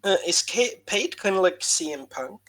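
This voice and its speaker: A man co-hosting a podcast, quick and teasing, chatting casually. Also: high voice, animated, a bit bright. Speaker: podcast co-host. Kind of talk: casual banter.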